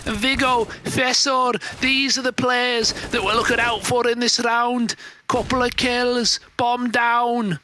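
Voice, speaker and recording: A man's voice: very high voice, flat delivery, slow pace, bright, forceful tone, a little hiss or hum, voice pushed up, exaggerated voice. A man doing an exaggerated, shifting English regional accent while casting a game, calling players "mate" and "lad" in a brash, slangy way. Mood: cheeky. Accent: mixed English regional accents, put on. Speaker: esports caster. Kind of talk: comedic play-by-play commentary.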